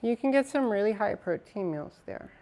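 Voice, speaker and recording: A woman's voice: medium pitch, lively intonation, moderate pace, dark tone. A woman streaming live, chatting casually with her viewers as she builds a PC, swearing now and then. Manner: chatty, talks to chat while assembling a PC.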